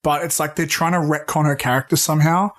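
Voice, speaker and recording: A man co-hosting a casual film podcast, excitable and swearing freely as he talks. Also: fairly high pitch, fast talker. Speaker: podcast co-host. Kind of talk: casual pop-culture chat.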